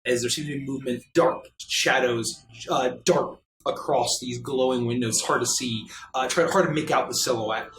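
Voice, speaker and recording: A man narrating a tabletop role-playing scene as game master, with frequent pauses. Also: medium pitch, a bit bright, a little hiss or hum. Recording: echoey room.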